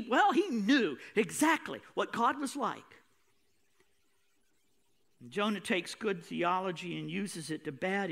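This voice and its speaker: A man's voice: very high-pitched, a bit bright. A male pastor preaching a sermon with an emphatic, repetitive cadence.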